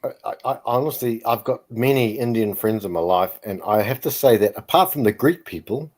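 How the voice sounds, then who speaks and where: A man's voice: medium pitch, a little fast, a little mellow, no echo. A man in a casual voice chat, talking in a chatty, self-amused way with stammering starts.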